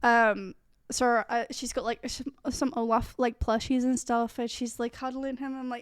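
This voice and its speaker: A woman's voice: on the high side, level tone, moderate pace, dry recording, studio quality. A young woman streamer telling a casual, rambling story full of fillers and swearing.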